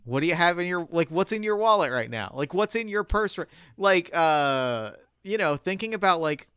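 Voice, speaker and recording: A man chatting as a guest on a podcast, animated and rambling with frequent restarts. His voice is smooth and clear, recorded dry and close in a studio. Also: sits high, normal speed, no echo. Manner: animated, lots of filler words and restarts. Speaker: guest author. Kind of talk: casual podcast chat.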